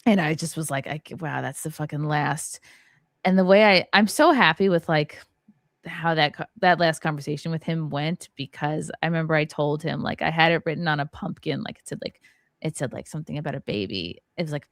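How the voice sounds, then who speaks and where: A woman's voice: low-pitched, moderate pace, no room sound, clean studio sound. A woman in her thirties, a stand-up comic hosting a podcast, talking candidly and with plenty of profanity, her voice jumping up when she gets worked up. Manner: candid and profane, voice rising sharply when upset. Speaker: host, stand-up comedian. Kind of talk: emotional podcast conversation.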